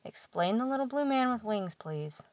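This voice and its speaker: A woman voicing a curious young man, calm and gently amused, in a storybook reading. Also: on the high side, normal speed, no echo, voice pushed up, lightly acted. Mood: bemused.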